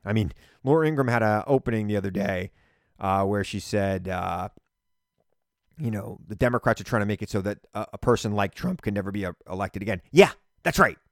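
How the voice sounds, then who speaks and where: A man hosting a political podcast, talking in an animated, emphatic solo monologue and repeating phrases for punch. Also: on the low side, brisk, dry recording, clean studio sound.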